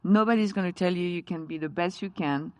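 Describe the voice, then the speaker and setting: A woman's voice: on the low side, a little fast, a little mellow, smooth, dry recording. A woman with a French accent, French-born, speaking as a chef guest in a live on-stage interview, passionate and emphatic, with non-native grammar. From France.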